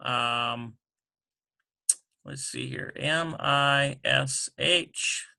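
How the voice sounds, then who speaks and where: A man teaching a relaxed language lesson, working through words slowly and thinking aloud with many fillers. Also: mid-range voice, gravelly. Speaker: Hebrew teacher.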